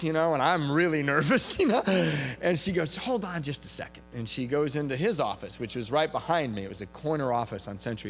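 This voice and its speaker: A man speaking at a recovery meeting, telling a personal story with laughter and acted-out voices. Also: a little high. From United States. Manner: animated, laughing, acts out quoted voices. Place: large event hall. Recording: echoey hall recording with faint hum.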